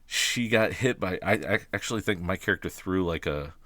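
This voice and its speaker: A man's voice: sits low, moderate pace, a bit bright, dry recording. A man and game master talking casually on a podcast, thoughtful and often restarting his phrases.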